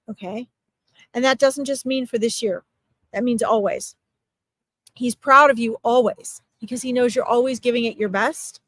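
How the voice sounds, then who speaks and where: High-pitched lady doing a psychic reading on a stream, chatty and reassuring, dry close sound. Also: fairly even intonation, moderate pace, fairly bright tone, no room sound, poor audio. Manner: reassuring, chatty, often checks in with "okay?". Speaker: psychic medium. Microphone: streaming mic.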